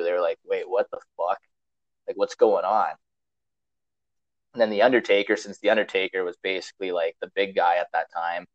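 A man's voice: sits low, no room sound, dull audio. A man hosting a podcast, telling a long story in a casual, rambling, profane way with lots of fillers. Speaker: podcast host.

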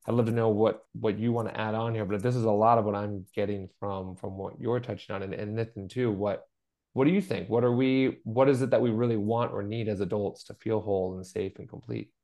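In a fairly low, mellow voice, a middle-aged podcast co-host chats conversationally. He tells stories earnestly and performs the voices of those he quotes.

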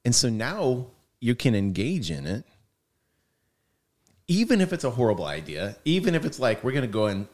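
A man's voice: lowish voice, a little mellow. A man co-hosting a casual talk about leadership, conversational, quoting advice in a livelier voice. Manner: conversational, quotes others in a livelier voice.

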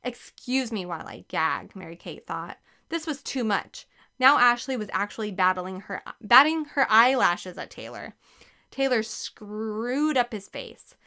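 Bright, clear woman reading aloud. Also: mid-range voice, measured pace. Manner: lively, expressive reading. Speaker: audiobook narrator. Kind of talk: scripted narration.

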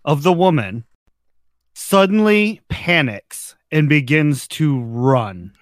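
A man's voice: on the high side, lively intonation, takes it slowly, no room sound. A man narrating as game master of a tabletop role-playing game, laughing between descriptions.

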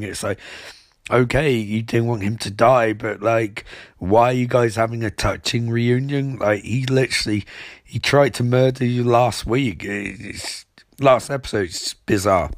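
A man's voice: lowish voice, steady tone, normal speed, no room sound, studio quality. Sarcastic young man recapping a show. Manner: rambling, mocking, with filler restarts. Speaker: TV episode recapper.

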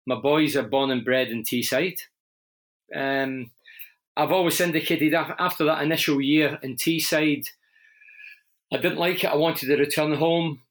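A middle-aged Glaswegian man with a broad accent, speaking candidly in a relaxed interview. His voice sits a little high for a man, and he tells his stories with many restarts and asides. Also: measured pace. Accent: Glaswegian Scottish. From Scotland. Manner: candid, storytelling, frequent restarts. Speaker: interview guest, former footballer and radio presenter. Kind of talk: conversational interview.

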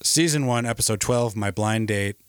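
A man's voice: fairly low pitch, normal speed, smooth, no room sound. A man in his forties co-hosting a podcast, cracking sarcastic jokes in casual banter. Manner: joking, sarcastic asides. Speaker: podcast co-host.

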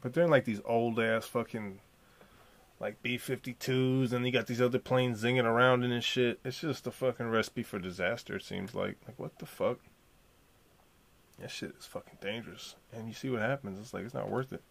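This solo podcast host is a man with a gravelly, medium-pitched voice, steady tone and moderate pace. His casual commentary is profane, slangy and rambling.

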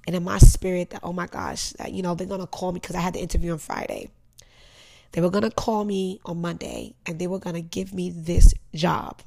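Gravelly-voiced woman telling a heartfelt story. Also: lowish voice, steady tone, a little slow. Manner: earnest, emotional storytelling with sudden loud bursts and soft asides. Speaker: podcast host. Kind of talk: personal motivational monologue.

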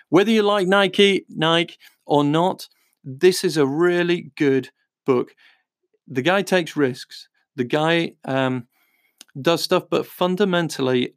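A man's voice: mid-range voice, clean tone, no room sound, studio quality. A man talking casually as a podcast host, recommending books in a chatty, rambling way with lots of fillers. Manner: chatty, rambling with fillers, reads blurbs aloud. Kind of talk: casual book-recommendation talk.

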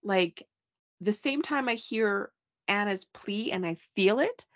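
A woman's voice: medium pitch, animated, slow pace, no echo. A woman hosting a podcast, chatting casually and animatedly, often acting out lines with big swings in her voice. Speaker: podcast host. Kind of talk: casual chat recapping a soap opera.

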